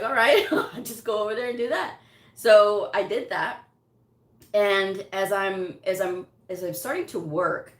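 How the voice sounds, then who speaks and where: A woman telling a personal story in a casual, chatty way, laughing often and quoting what people said to her. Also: medium pitch. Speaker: medical coding vlogger. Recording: echoey room.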